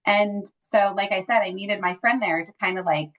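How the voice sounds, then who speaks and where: A woman talks through a personal story in a relaxed, chatty way, full of little fillers. She has a mid-range voice. The audio sounds a bit dull and lo-fi. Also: mid-range voice, moderate pace. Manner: chatty, frequent "like" and "you know" fillers; animated when acting out quoted dialogue. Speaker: interview guest sharing a birth story. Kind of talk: casual conversational storytelling.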